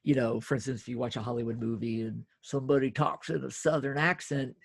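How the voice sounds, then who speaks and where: Gravelly, husky-voiced man lecturing casually. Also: mid-range voice, fairly even intonation, fast, dry recording, clean studio sound. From United States. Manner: conversational, many fillers and restarts, emphatic on key terms. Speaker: history lecturer. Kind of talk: recorded lecture, casual spoken delivery.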